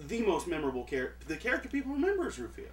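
Male co-host, quick and animated delivery, teasing tone. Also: high voice, a little hiss or hum. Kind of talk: casual interview chat.

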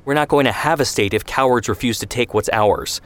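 A man's voice: mid-range voice, brisk, fairly bright tone, voice pushed up, close to an everyday voice. A man voicing a hot-headed twenty-year-old who is defiant and sarcastic, in a read story. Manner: sarcastic, defensive.

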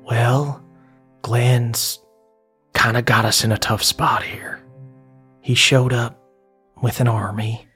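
A man's voice: mid-range voice, fairly even intonation, slow pace, pauses often, pushed and bright, slightly rough, faint music behind. A man narrating a tabletop game as game master, in a casual style full of fillers.

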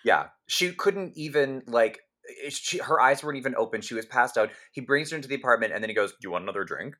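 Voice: medium pitch, quick pace, pushed and bright. A podcast co-host chatting about a film, talking loosely with lots of likes, restarts and laughs. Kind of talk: casual chat reviewing a film.

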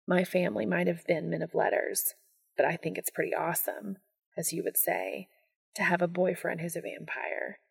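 A woman voicing a shy, tender young man in love, speaking softly and low in a hushed voice. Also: level tone, normal speed, vocal fry, slightly rough, heavily acted.

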